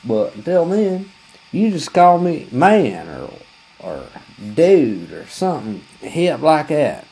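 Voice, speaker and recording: A man tells a rambling comic story in a folksy, profane way, full of fillers. His voice is husky, and his pitch swings widely as he talks. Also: very animated, slow, warm tone, low-quality recording. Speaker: comedian telling a story.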